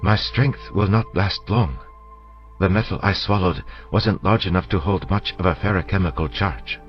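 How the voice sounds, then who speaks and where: A man voicing a calm, formal male scholar in an audiobook, polite and measured, on a dull lo-fi recording with faint music. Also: low-pitched, pitched above the performer's own voice, natural voice.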